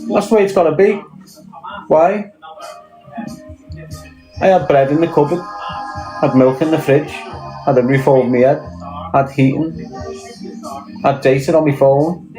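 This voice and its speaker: A man's voice: on the high side, unhurried, pauses often, mellow, soft background music, low-quality recording. A Scouse man talking bluntly in casual chat, swearing often and firing off rhetorical questions. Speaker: podcast guest.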